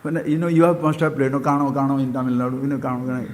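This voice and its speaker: An older man with an Indian accent giving a spiritual talk, swinging between loud animated questions and low quiet asides. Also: quick pace, in a large hall. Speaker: spiritual teacher.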